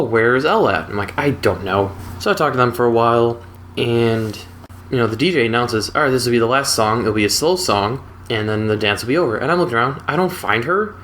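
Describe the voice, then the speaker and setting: A young man casually telling a personal story, relaxed and wry. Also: medium pitch, a little hiss or hum. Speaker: storytelling channel host.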